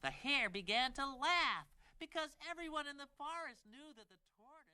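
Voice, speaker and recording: A man voicing a big, gentle, childlike male bird who reads a children's story aloud in a wide-eyed, sing-song way. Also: very high voice, lively intonation, normal speed, full character voice.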